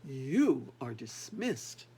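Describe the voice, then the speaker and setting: A woman's voice: low-pitched, animated, slow pace, vocal fry, breathy edge, pitched below the performer's own voice, heavily acted. A woman voicing a furious, pompous male store manager who barks indignant orders. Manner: loud, indignant barking.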